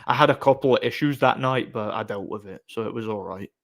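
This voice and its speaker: A man's voice: on the low side, fast, vocal fry, fairly bright tone. A man chatting casually on a live stream, reading comments and rambling sarcastically with many fillers and restarts.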